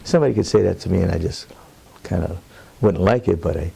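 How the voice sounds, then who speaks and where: A man's voice: low voice, fast, creaky, mellow, slight background noise. An older man being interviewed, telling a personal story in an earnest, plainspoken way with rambling asides. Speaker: interviewee, Roma advocate.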